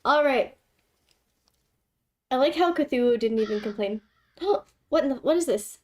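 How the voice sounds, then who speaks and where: A young woman with a high voice hosts a casual livestream and chats with her viewers. She talks in a giggly, theatrical way and playfully scolds people in the chat. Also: animated, unhurried, long pauses, darkish tone. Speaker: livestream host.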